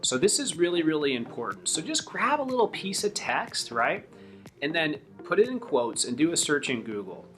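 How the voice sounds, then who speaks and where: A man's voice: a little high, sing-song, normal speed, fairly bright tone, faint music behind. Man explaining a tutorial, conversational. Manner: conversational, repeats "really, really important"; upbeat sign-off at the end. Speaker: SEO educator. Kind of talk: tutorial video.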